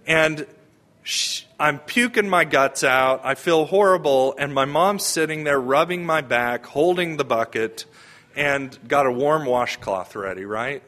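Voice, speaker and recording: A man's voice: on the high side, unhurried, fairly bright tone. A man giving a homily in a conversational preaching manner, asking the congregation questions. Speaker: priest.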